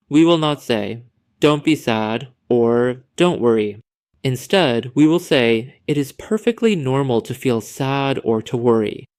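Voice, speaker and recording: Measured male psychologist narrating. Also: a little high, darkish tone, no room sound, clean studio sound. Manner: measured, didactic lecturing. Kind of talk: scripted narration.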